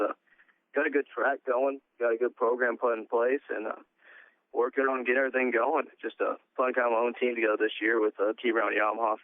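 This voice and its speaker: A man's voice: medium pitch, no room sound. A man in a phone interview who races ATVs, in the middle of his range. He talks loosely and leans on fillers. The line is thin and tinny, with no room sound at all. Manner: relaxed, plain-spoken, many "uh" fillers. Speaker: pro ATV motocross racer.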